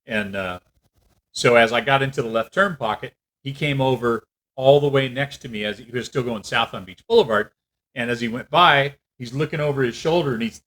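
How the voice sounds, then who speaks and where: A man telling a story in a casual rant, animated and acting out what other people said. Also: mid-range voice, fairly quick, poor audio. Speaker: vlogger.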